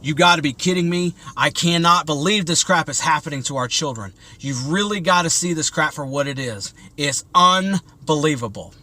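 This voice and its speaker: Fired-up preachy man, bright voice. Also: fairly high pitch, moderate pace, few pauses. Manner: agitated, repetitive, preachy. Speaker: religious vlogger. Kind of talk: impassioned commentary to camera.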